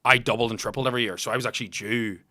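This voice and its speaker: Bright, rapid sweary male podcast guest. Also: medium pitch, steady tone. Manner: sweary, reflective, quick. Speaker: podcast guest, former firefighter. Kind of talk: casual podcast chat.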